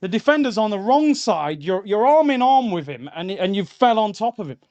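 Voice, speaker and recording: A man's voice: sits high, big pitch swings, normal speed, a little mellow, dull audio. A young man, hosting a live football watchalong and reacting heatedly, talking to viewers as lads and bro. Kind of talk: live match watchalong commentary. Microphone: streaming mic.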